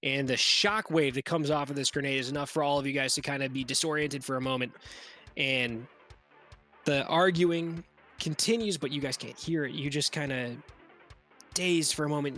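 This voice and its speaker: A man's voice: medium pitch, steady tone, normal speed, pushed and bright, faint music behind. A man as game master, narrating a tabletop game in a casual, vivid, profane way.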